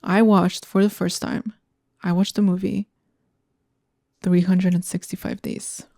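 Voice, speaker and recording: A woman's voice: lowish voice, flat delivery, measured pace, vocal fry, dark tone. A young woman hosting a solo podcast, ranting in a blunt, heated and profane way. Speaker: podcast host. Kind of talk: casual solo podcast rant.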